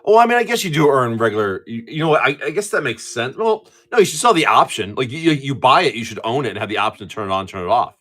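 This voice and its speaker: A middle-aged man hosts a casual live stream, talking in a bright, forward voice. His pitch swings widely as he rambles, restarts and swears freely. The talk is loose and chatty. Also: very animated, fast, hardly any pauses. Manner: chatty, profane, laughs easily. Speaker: live-stream card breaker.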